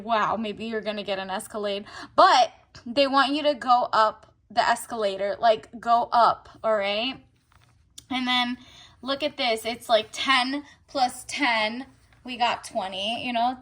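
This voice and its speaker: Woman, high-pitched, chatty tarot reader, slangy, casual. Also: a bit bright. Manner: chatty, slangy, acts out the viewer's inner voice.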